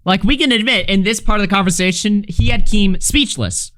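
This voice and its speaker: A man's voice: high voice, brisk, fairly bright tone. A man live-streaming a casual reaction, swearing freely, laughing and reading chat messages aloud. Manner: loose, profane, laughing, reads chat aloud.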